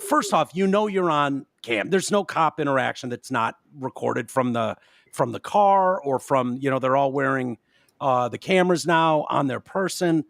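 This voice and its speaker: A man hosting a podcast in casual chat, animated and quick to slip into mocking impressions. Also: medium pitch, gravelly, no room sound, clean studio sound. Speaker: podcast host.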